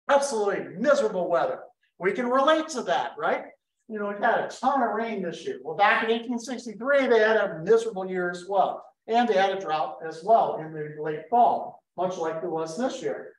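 A man from giving a lively history talk to an audience, telling the story with energy and throwing questions at the room. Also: high-pitched. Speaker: history speaker. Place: lecture room in a history center. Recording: roomy hall, voice picked up from a distance.

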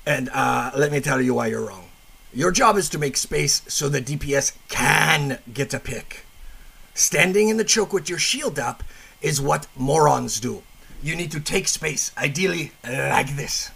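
A man's voice: a little high, expressive, measured pace, vocal fry, sharp tone, breathy edge. A man hosting comedic video game review commentary, brash and profane with a mock-angry edge. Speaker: gameplay reviewer and host.

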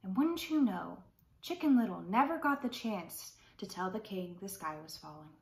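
A woman reading a children's folk tale aloud with lively, expressive narration. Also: mid-range voice, moderate pace. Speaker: storyteller. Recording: roomy echo.

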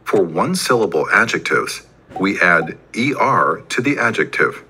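A man reading a scripted grammar explanation in an even, textbook-like way. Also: deep voice, measured pace, slight background noise. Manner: even, textbook-like delivery without fillers. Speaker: recorded lesson narrator.

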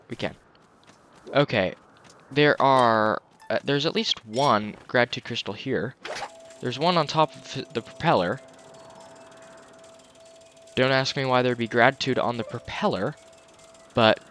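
A man's voice: mid-range voice, fairly bright tone, a little hiss or hum. A young man giving casual, joking commentary as he plays a video game. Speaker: let's play commentator.

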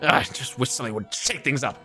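A young man voicing a loud, bored, tough fish-woman police officer. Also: mid-range voice, fast, soft background music, pitched below the performer's own voice. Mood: brash.

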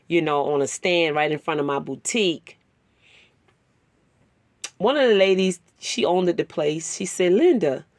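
A woman's voice: lowish voice, no echo. A woman telling a personal story in a sermon-style talk, conversational and emotional. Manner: conversational, rambling with fillers; emotional, tearing up. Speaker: Bible teacher.

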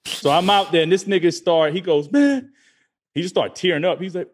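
A man's voice: on the high side, fast, slightly rough. A man co-hosting a podcast, chatting casually and telling a story with lots of swearing, acting out the people he quotes. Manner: animated, profane, acts out quoted lines. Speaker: podcast co-host.

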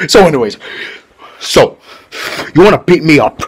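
A man's voice: fairly high pitch, lively intonation, normal speed, slightly rough. A man voicing a sneering 42-year-old male bully in a homemade skit, taunting a younger man. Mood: mocking.

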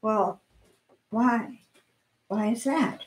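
A woman's voice: on the high side, moderate pace, roomy sound, close to an everyday voice, poor audio. A woman doing timid Miss Honeycutt, tiny-voiced. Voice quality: soft, tiny voice. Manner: hesitant but gently firm. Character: timid, polite small-town lady.

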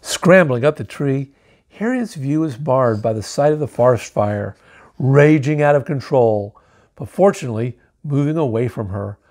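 A man's voice: medium pitch, lively intonation, moderate pace, darkish tone. A man reading a picture book aloud, with wry, joking asides between the story lines. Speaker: storybook reader.

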